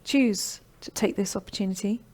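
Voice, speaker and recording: A middle-aged woman hosting a live online course session, pitching her program with encouragement and often checking in with "okay?". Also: normal speed, a little mellow. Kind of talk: live-streamed sales pitch and Q&A.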